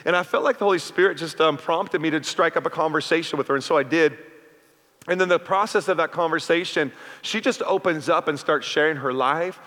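A man's voice: a little high, a little fast, fairly bright tone. A middle-aged male pastor preaching a sermon in a church, chatty and full of call-outs to the congregation. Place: church sanctuary. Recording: reverberant hall.

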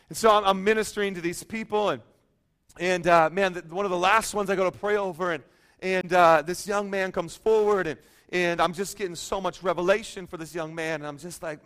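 A man's voice: a little high, fast, a bit bright. A middle-aged male pastor telling a humorous, self-deprecating story in a sermon, chatty and full of fillers.

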